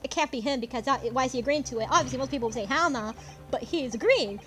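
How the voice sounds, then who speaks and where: Excitable woman gaming streamer. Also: high voice, racing, faint music behind. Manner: casual, excitable, swears. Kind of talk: let's play commentary.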